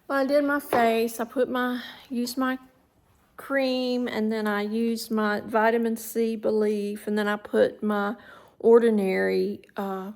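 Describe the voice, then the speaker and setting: A woman's voice: fairly high pitch, little pitch movement, measured pace, a little mellow. A middle-aged woman, rambling casually through a home vlog in her living room and often trailing off to start over. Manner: rambling, chatty, trails off and restarts. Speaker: vlogger.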